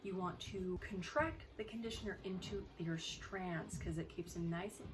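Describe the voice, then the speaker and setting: A woman's voice: on the low side, normal speed, few pauses. A young woman hosting a casual beauty vlog, chatty and profane, wandering off on long tangents. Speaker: beauty vlogger host. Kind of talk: casual chat. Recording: mic a bit far off, faint noise.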